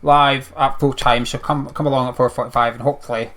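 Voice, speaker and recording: A man hosts a casual football chat, pushing for names and scores. His voice is mid-pitched and ordinary. He closes with a direct call to viewers. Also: little pitch movement, quick pace, fairly bright tone. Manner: pushy, wraps up with channel sign-off. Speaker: podcast host.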